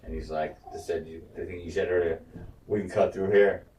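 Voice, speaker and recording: A man's voice: low-pitched, fairly even intonation, fairly quick, a little mellow, reverberant, distant mic, rough recording. A man co-hosting a podcast, casually recapping a TV episode, swearing, laughing and acting out quotes. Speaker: podcast co-host.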